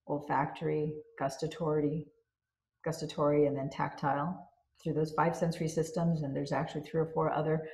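A woman hosting a self-help channel, talking slowly and deliberately and listing ideas word by word. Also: low-pitched, mellow, roomy sound. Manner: slow, deliberate, lists words one by one. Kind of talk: spoken reflection on a self-help book.

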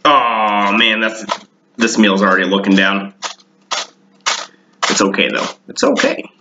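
A man hosting a casual home cooking vlog, rambling and deadpan with dark jokes, talking in his kitchen. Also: on the low side, measured pace, background noise. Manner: deadpan, darkly joking, rambling. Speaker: home cooking show host. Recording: echoey room, dull lo-fi sound.

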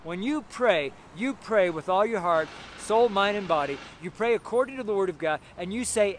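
A male street preacher delivers a fervent sermon outdoors and acts out the scripture scenes in character voices. His voice sits a little higher than most men's, and faint city traffic hums behind him. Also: expressive, moderate pace, few pauses.

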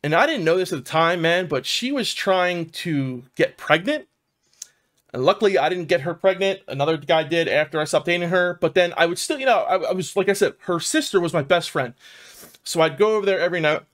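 Animated and fairly quick, this man has a high, somewhat bright voice and a South Philadelphia background. He's a vlogger telling his own recovery story casually, rambling and cursing while peppering in "man" and "dude."

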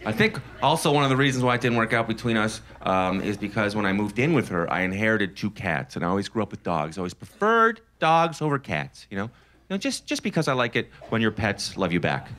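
A man's voice: lowish voice, sing-song, a little fast, fairly bright tone. A man doing a stand-up comedy set on a club stage, conversational and wry. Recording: live comedy club crowd noise.

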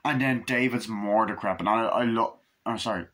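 A man giving a rambling, foul-mouthed casual film review, full of fillers, who acts out scenes with quick quoted voices. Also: on the low side, a bit bright. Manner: rambling, profane, filler-heavy. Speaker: movie reviewer.

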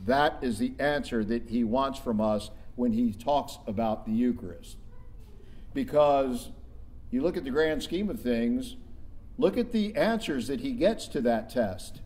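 A man's voice: on the high side, unhurried, a little mellow. A middle-aged male pastor delivering a sermon in a church, emphatic and conversational, with rhetorical questions.

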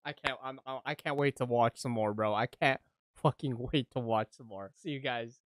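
A young man reacting to a show with loud, profane, laughing outbursts. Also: medium pitch, normal speed, no room sound. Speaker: reaction streamer. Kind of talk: excited reaction commentary. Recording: faint music behind.

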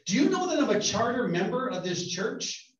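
A man's voice: very high-pitched, very animated, moderate pace, voice pushed up. A man voicing an indignant, proud male church elder who keeps demanding to know if people realize who he is. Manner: huffy, self-important questioning. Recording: roomy, distant, dull sound.

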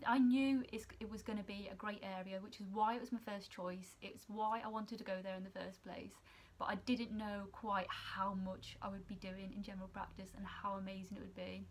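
A young woman, a student nurse chatting casually to her vlog camera, emotional and quick to laugh. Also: mid-range voice, steady tone, slight background noise. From England. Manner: emotional, chatty, laughs often, near tears.

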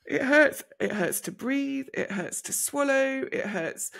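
A woman with a British accent, a podcast co-host telling a candid personal story, animated and laughing through hard memories. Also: high-pitched, unhurried, vocal fry. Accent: British English.

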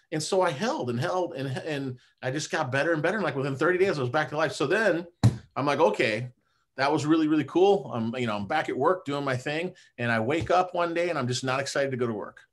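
A man recounts his own story as a podcast guest in a relaxed, lively conversational way. His voice sits at an ordinary middle pitch for a man. He keeps the story rolling with easygoing asides. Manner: animated, conversational, drops "man" and "you know" often. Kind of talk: casual personal storytelling.

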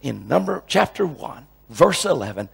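A man's voice: fairly high pitch, sing-song, moderate pace, creaky, husky. A male preacher teaching a sermon in an emphatic way, often repeating phrases and restarting his sentences.

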